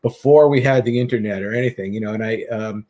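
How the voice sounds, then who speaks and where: A middle-aged man, a guest author and speaker, telling stories in an animated, casual interview. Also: on the low side, fast. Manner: animated anecdotal storyteller.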